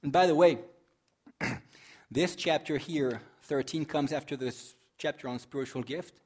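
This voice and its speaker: A man's voice: fairly high pitch, unhurried, slightly rough. Conversational, questioning male pastor preaching. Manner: dramatic scripture reading that swells loud and drops soft. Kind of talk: sermon.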